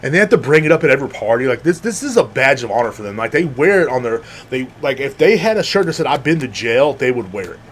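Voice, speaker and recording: A man's voice: medium pitch, quick pace, few pauses, a little hiss or hum. A young man hosting a podcast, rambling casually and acting out the people he talks about. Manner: rambling, animated, acts out quoted people. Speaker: podcast host. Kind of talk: casual monologue.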